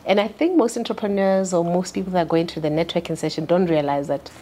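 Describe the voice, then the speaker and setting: A South African woman speaking as a panel guest, reflective and measured, thinking aloud as she talks. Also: lowish voice, dark tone, slight background noise. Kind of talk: casual panel chat.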